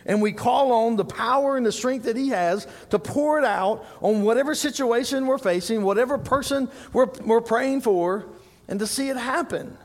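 A middle-aged man preaching a sermon as pastor, telling animated stories and rising to loud emphasis. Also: extremely high pitch, moderate pace, in a large hall.

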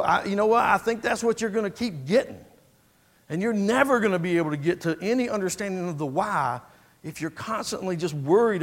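A man preaching a sermon in a conversational way, asking the congregation rhetorical questions and often restarting his words. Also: sits high. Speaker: pastor.

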